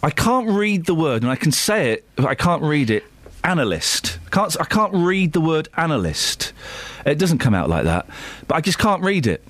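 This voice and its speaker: A man's voice: fairly high pitch, sing-song, moderate pace, fairly bright tone, no room sound. A man presenting a radio show, jokey and teasing, stumbling over words as he reads the news. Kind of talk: playful banter and news reading.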